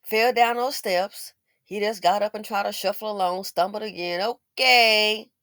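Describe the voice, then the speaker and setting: This is a woman hosting her own opinion commentary, mid-pitched and talking straight into the mic. She sounds blunt and scolding with a sarcastic bite, in a dry room with no echo. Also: fairly even intonation, unhurried, a bit bright. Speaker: commentary channel host.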